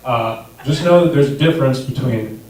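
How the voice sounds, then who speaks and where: A man in his thirties works through a stand-up set with dry, crude, self-mocking delivery. His voice sits at an ordinary middle pitch. It comes from well back from the mic in a very echoey room, with steady noise behind it. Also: normal speed, recorded from a distance. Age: 30s. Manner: deadpan, crude, self-deprecating. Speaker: stand-up comedian. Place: comedy club stage.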